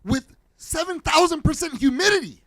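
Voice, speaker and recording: Brief: high, lively American male co-host, mocking banter. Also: moderate pace, dry recording. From United States. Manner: animated, mocking, loud bursts. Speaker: podcast co-host. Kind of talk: casual comedic banter.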